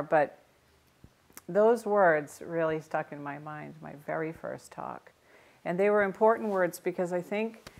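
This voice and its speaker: Older female Zen teacher, lowish voice, relaxed conversational dharma talk with light humor. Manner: conversational and storytelling, with gentle self-mocking humor. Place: meditation center hall.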